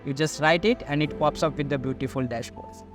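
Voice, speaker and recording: Over music, a man with a slightly high voice talks fairly quickly while being interviewed as a sales manager. He explains in lengthy, list-heavy sentences joined again and again by "so".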